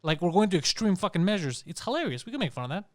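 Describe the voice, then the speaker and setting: A man's voice: high-pitched, very animated, racing, no room sound, clean studio sound. A man co-hosting a comedy podcast, ranting in casual, profane banter. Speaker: podcast co-host.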